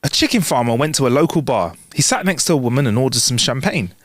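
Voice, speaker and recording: A man's voice: medium pitch, very animated, quick pace. A man co-hosting a podcast, reading jokes and trading playful banter. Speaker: podcast co-host. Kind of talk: casual joke-telling chat.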